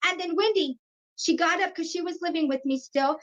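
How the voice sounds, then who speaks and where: A woman in her fifties telling a personal story in an animated way, acting out what people said. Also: extremely high pitch, brisk. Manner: animated, acts out quoted voices. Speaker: guest. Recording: dull lo-fi sound.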